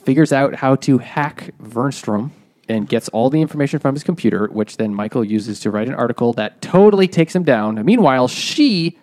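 A man's voice: medium pitch, expressive, normal speed, darkish tone, dry recording. A man on a casual book podcast, correcting the others and summarizing the plot. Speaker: podcast co-host.

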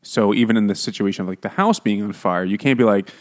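A man chatting casually about a book as a podcast co-host, emphatic and animated, slipping into mock voices to act out quotes. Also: fairly low pitch, fast talker. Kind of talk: casual chat.

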